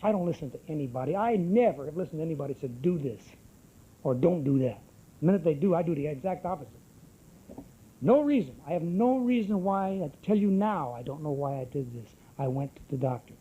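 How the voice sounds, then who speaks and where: Middle-aged guy telling his story at a meeting, salty and brash, slightly high but really dark mellow voice. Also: animated, fast, breathy edge, muffled recording. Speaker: speaker at a recovery meeting. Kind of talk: personal testimony talk. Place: recovery group meeting.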